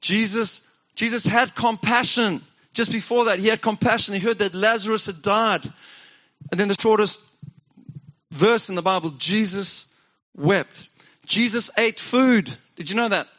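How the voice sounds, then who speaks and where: High, bright-voiced pastor preaching. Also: male voice, normal speed, muffled recording. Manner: conversational, asks the congregation questions. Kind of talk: sermon.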